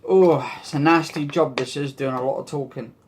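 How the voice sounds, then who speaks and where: A man's voice: on the high side, fairly even intonation, normal speed, slight background noise. A man hosting a casual news commentary vlog, rambling and joking as he talks and swearing now and then. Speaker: vlog host.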